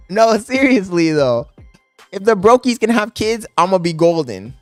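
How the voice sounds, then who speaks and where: A young man chats with his live audience, half yelling into his microphone, swearing and laughing as he goes. His voice sits a little high and sounds dry and close. Faint music plays underneath. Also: no room sound. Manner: loud, yelling into the mic, profane, laughing. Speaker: streamer. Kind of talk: casual live-stream chat. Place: apartment. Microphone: desk microphone.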